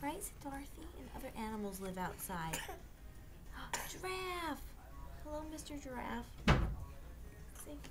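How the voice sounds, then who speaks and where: A woman's voice: fairly high pitch, animated, brisk, long pauses. A young woman, an aunt, reading a picture book aloud to a toddler at home in a coaxing, sing-song way, often laughing. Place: home, indoors. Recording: home camcorder with loud background noise.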